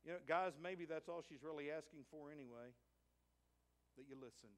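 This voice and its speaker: A Southern pastor preaches a sermon in his church. His voice sits a little high for a man, and he tells homespun stories in a relaxed, folksy way, repeating words as he starts a thought. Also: a little fast. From United States. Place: church sanctuary.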